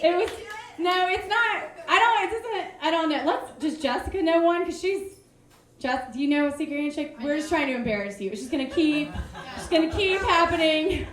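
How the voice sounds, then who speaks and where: A woman hosting a live comedy show on stage, bubbly, excitable and self-mocking. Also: extremely high pitch, moderate pace, roomy sound.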